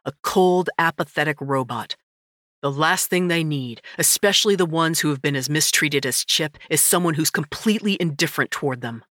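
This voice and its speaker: A stern male ranch owner who guards his horses fiercely and speaks curtly through his teeth, as a woman reads him. The voice sits low and is heard close and dry, with no room sound. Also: moderate pace, fairly bright tone, no room sound. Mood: stern scolding.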